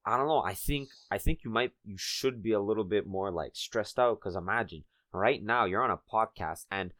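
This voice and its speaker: Young male co-host, low voice, slangy and teasing, dry close sound. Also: moderate pace, a bit bright, no room sound. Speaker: podcast co-host. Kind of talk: casual chat.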